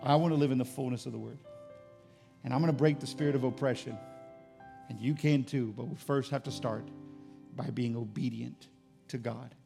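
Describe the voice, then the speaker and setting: A man's voice: medium pitch, fairly quick, gravelly, pauses often, music in the background. A man preaching a sermon as pastor, rising into emphatic bursts.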